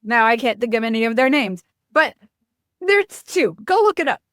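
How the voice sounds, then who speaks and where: Blunt, animated New York-born woman. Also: fairly high pitch, moderate pace, no echo, clean studio sound. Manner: blunt, animated, self-interrupting. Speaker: interview guest, marketing expert. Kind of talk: casual podcast interview.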